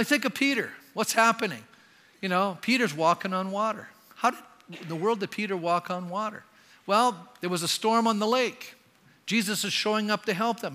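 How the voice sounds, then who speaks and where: Preaching from a church sanctuary, this older man from Canada serves as pastor and talks in a conversational way, frequently questioning his congregation. His voice sits on the high side with a sharp edge, and long hall reverb fills the recording.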